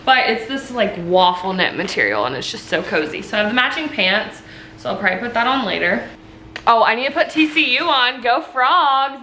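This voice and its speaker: Bubbly and gushing, a young woman who makes lifestyle vlogs chats casually, dropping plenty of "like" and "um". Her voice is on the high side, pushed and bright, over a noisy recording.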